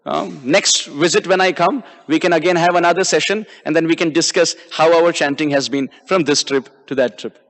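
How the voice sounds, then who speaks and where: A man's voice: on the high side, brisk, few pauses. A man giving a devotional sermon as a visiting preacher in a temple hall, chanting verses and drawing out syllables.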